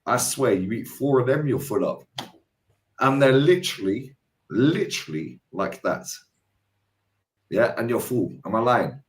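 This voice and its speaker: A man's voice: mid-range voice, expressive, measured pace, long pauses. A man in casual chat, teasing, bantering and swearing freely.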